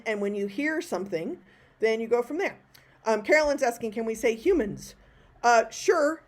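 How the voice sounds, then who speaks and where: A woman from Texas, chatting through an online Q&A in a self-deprecating way, full of quick asides, heard over a video call. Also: medium pitch. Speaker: professional speaker answering audience questions. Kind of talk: live online Q&A talk.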